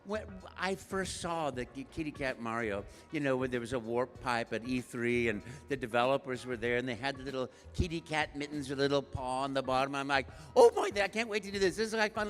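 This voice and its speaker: A man's voice: medium pitch, a bit bright. A man, a voice actor as guest, telling stories at a live stage Q&A, breaking into playful voices and sound effects. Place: large event hall on a live stage. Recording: reverberant hall with music behind.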